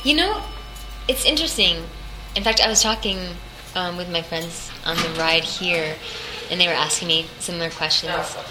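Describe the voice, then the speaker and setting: A woman's voice: fairly low pitch, normal speed. A young woman voice actress chatting in an interview, rambling and laughing often as she tells her story. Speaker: voice actress guest. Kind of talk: casual interview chat. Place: hotel room at a convention. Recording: noisy room ambience.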